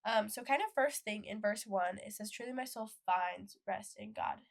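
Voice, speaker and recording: A woman's voice: mid-range voice, normal speed, gravelly. A young woman co-hosting a casual faith podcast, reading scripture aloud and then explaining it. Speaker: podcast co-host.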